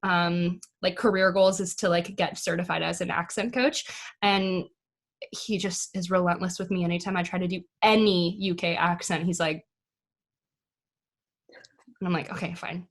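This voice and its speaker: A young American woman, an actress, chatting on a podcast in a bubbly, rambling way full of asides. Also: medium pitch. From United States. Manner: bubbly, lots of "like" and quick asides. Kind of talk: casual chat.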